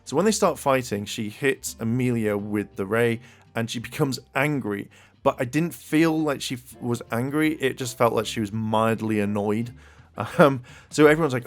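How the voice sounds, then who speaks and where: A man's voice: mid-range voice, normal speed, soft background music. Rambling man reviewing an episode. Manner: rambling, many fillers and restarts, excitable. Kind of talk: casual video review.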